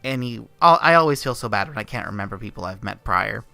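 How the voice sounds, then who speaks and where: A man streaming himself reading a visual novel aloud, narrating with relaxed, self-aware asides. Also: lowish voice, fast, creaky, no room sound, soft background music.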